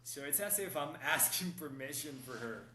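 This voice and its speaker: A man's voice: on the high side, lively intonation, moderate pace, sharp tone, roomy sound, slight background noise, low-quality recording. A man who works as a dating coach, explaining his methods steadily in a podcast interview and often checking in with "right?".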